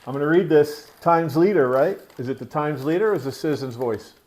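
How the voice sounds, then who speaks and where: A man's voice: fairly high pitch, a little fast, a little mellow, a little hiss or hum. A man from Pennsylvania hosting a casual unboxing vlog, talking loosely with lots of swearing and rambling asides. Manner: scolds his pet mid-talk. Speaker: tattoo channel host.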